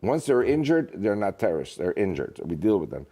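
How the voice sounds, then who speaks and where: A man's voice: fairly low pitch, a little fast, slightly rough. A man talking as a guest in a casual interview, telling jokes and stories. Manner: animated, joking storyteller. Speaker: guest speaker.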